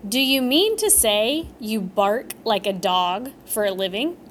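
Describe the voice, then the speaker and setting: A calm, generous nobleman, voiced by a woman reading a storybook aloud, who speaks in gentle, measured questions. His voice sits a little lower than the narration and moves slowly, with a lively lilt. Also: a little hiss or hum. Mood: kindly curious. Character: generous kind male nobleman, calm host.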